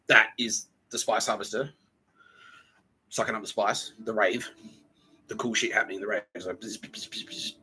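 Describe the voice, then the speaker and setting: A man's voice: fairly low pitch, moderate pace, long pauses, sharp tone, slightly rough, poor audio. A man hosting a podcast, telling a rambling comedic story full of swearing. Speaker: podcast host.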